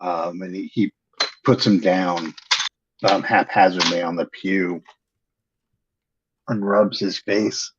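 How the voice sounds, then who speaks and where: A man narrating a tabletop game as game master, in a hesitant way with frequent pauses and restarts. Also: low voice, steady tone, husky. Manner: hesitant, lots of ums and restarts. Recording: dull lo-fi recording.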